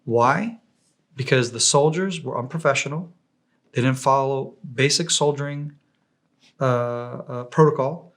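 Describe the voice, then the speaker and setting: A man from Israel casually telling combat stories as an interview guest, animated and acting out the voices of the people he quotes. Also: medium pitch, measured pace. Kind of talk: casual war storytelling.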